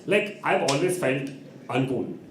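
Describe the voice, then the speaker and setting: A man telling an animated story at an open mic, acting out voices and laughing often. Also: medium pitch, unhurried, roomy sound, slight background noise. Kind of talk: storytelling on stage. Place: live open mic venue.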